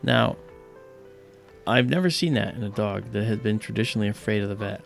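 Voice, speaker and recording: A man hosting a live stargazing stream, telling rambling, animated stories with many fillers and pauses. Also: fairly low pitch, vocal fry, soft background music. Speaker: livestream host. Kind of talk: casual storytelling during a live stargazing stream.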